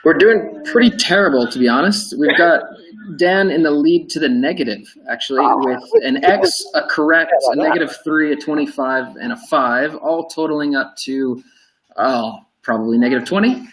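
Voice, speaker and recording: Wry male scorekeeper, higher voice. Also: normal speed, fairly bright tone, slightly rough, rough recording. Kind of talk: casual chat.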